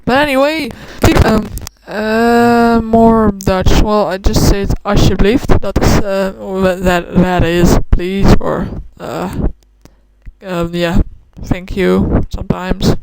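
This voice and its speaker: A woman casually explaining Dutch words in a vlog, pausing often with ums and restarts. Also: mid-range voice, fairly even intonation, creaky. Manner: hesitant, many ums and restarts. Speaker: vlogger. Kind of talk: casual talk to camera about Dutch words. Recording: loud background noise.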